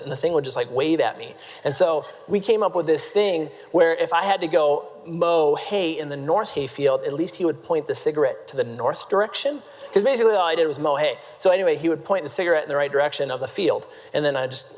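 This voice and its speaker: A fairly high-voiced man tells stories from a convention main stage, playful and self-mocking, tossing quips at the crowd. His voice carries a long reverb that rings through a large hall. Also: lively intonation, fairly quick. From Nebraska, United States. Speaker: motivational keynote speaker. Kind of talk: humorous storytelling talk to a live audience.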